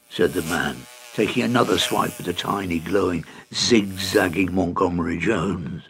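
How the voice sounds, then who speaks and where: A man narrating a children's fantasy storybook in an expressive, animated way. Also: low voice, moderate pace, vocal fry, hardly any pauses, husky.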